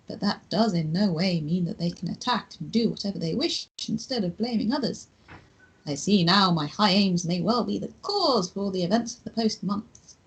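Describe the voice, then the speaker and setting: A husky, earnest German activist blogger from a video game, as a woman reads him out. The accent comes and goes as she reads with halting, measured care. The voice stays low and grainy throughout. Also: poor audio.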